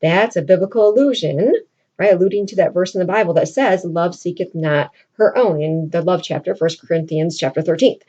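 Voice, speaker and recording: A woman's voice: on the low side, a little fast, mellow, lo-fi sound. A woman teaching literature, retelling a classic play to her class in a casual, chatty way full of "like" and "you know".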